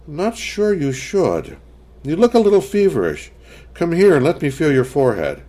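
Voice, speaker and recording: A tense, sharp-tongued suburban mother, as a male reader puts her on, her clipped questions pitched a little above his own voice. She speaks tightly, with a lively rise and fall. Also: normal speed. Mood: stern.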